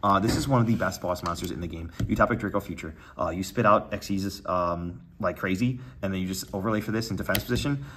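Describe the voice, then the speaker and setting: A young man giving a casual deck breakdown, talking quickly with lots of fillers and going a little out of breath. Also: deep voice, slight background noise. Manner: quick, filler-heavy, trails off quietly. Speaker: deck profile presenter. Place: card tournament venue.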